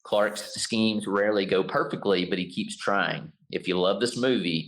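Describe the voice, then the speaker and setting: A man's voice: on the low side, moderate pace, few pauses, a bit bright, low-quality recording. A middle-aged man co-hosting a podcast, reading a list of points aloud in a casual chat and laughing at his own slips. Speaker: podcast co-host.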